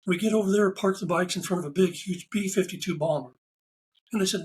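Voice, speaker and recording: A high-voiced man, a ride photographer appearing as a podcast guest, tells stories in a casual interview. He's an animated anecdotal storyteller who acts out quoted dialogue, speaking fairly quickly on a rough recording.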